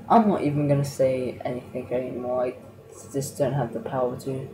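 A man's voice: mid-range voice, flat delivery, brisk. A man giving gameplay commentary, complaining melodramatically and cursing in bursts. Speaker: gaming video maker. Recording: roomy, distant mic with noise.

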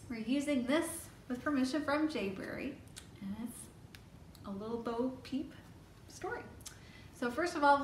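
Here a woman with a slightly high voice leads toddlers through storytime as their librarian, coaxing them along with questions. The recording comes from a distant mic in an echoey library room, with a little hiss or hum.

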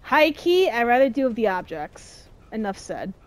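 Excitable young woman gaming out loud. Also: a little high, normal speed. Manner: excitable, yells at the game, jumpy. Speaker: gaming video host. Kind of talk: casual let's-play commentary.

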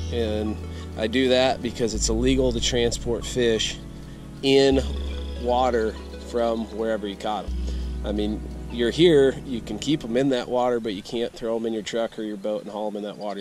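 An easygoing man chats his way through a fishing trip, amused at his own jokes. His voice sits at an ordinary middle pitch, and clear background music plays under him. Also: fairly even intonation, normal speed. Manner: chatty, self-amused, easygoing. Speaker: fishing channel host. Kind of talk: casual outdoor vlog. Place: outdoors at a pond and at home with a bait tank.

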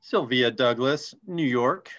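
Relaxed man on a dull lo-fi call. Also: mid-range voice, slow pace. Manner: relaxed, friendly, joking. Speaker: co-host. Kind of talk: casual call recognition.

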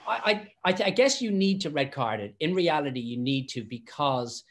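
A man in his forties, a former rugby referee, chatting on a panel and acting out stories with lively quoted voices. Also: a little high, normal speed. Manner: animated storyteller, acts out quotes, laughs often. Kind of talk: casual panel chat.

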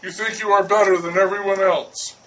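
A man doing a shouting irate baker. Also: high-pitched, little pitch movement, fairly quick, distant mic, low-quality recording. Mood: indignant. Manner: loud, indignant, blustering.

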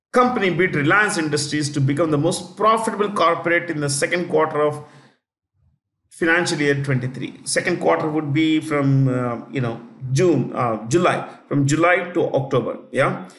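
A teacher lectures on current affairs in an echoey room, his voice a little high for a man and fairly bright. He slows down to repeat key names and numbers so students can take notes.

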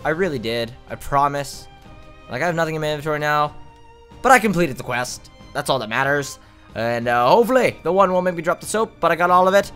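A man's voice: on the high side, fairly quick, bright, forceful tone, smooth, soft background music. A young man rambling and joking through casual game commentary with lots of fillers, out of breath. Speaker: gaming video host.

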